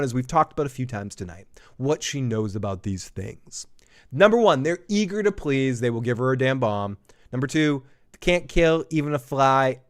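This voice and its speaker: A man hosting a live TV episode review, chatty and rambling, swearing freely and laughing often. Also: mid-range voice. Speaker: host of a TV review show.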